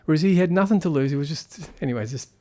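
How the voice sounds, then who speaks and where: A man's voice: fairly high pitch, lively intonation, quick pace, warm tone. A man giving a casual spoken film review, rambling and critical as he thinks aloud.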